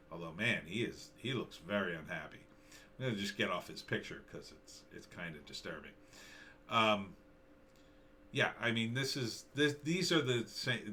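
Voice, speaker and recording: A man's voice: on the low side, bright, forceful tone, slight background noise. A middle-aged man giving opinionated, casual commentary, rambling and sarcastic, with lots of fillers and restarts. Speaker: commentary vlogger.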